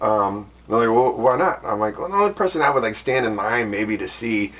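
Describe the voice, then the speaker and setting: A man from the Bay Area telling a story in a relaxed, rambling way, often saying "you know". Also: lowish voice, a little fast, far from the mic. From Bay Area, California. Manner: laid-back, rambling, drops in "you know". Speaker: band member, podcast co-host. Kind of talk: casual storytelling chat. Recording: voice from off the mic with faint background noise.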